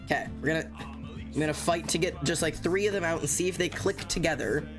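A streamer in casual livestream chat, talking fast and excitably with frequent stammers and restarts. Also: mid-range voice, music in the background.

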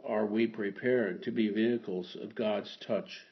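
Slow, measured male homilist, lo-fi sound. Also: lowish voice, steady tone, heavy background noise. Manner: slow, measured delivery with repeated phrases. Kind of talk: sermon.

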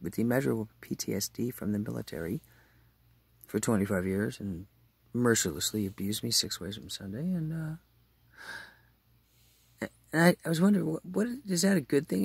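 A man with a gravelly, husky voice talks straight to camera in a rambling vlog monologue. He speaks aloud to his late father, and his loudness keeps swinging from murmurs to near-shouts. The sound is close and dry. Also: medium pitch, expressive, brisk, dry recording.

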